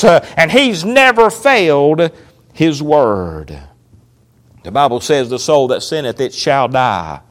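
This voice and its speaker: Guy with a fairly high voice preaching a sermon, drawn out bits, soft near-whispers now and then. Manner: preaching with emphatic slowed lines and sudden drops to near whispers.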